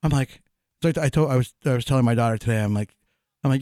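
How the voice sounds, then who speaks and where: A man's voice: medium pitch, fast talker, warm tone, dry recording, studio quality. A middle-aged man telling stories in a casual chat, profane and laughing often.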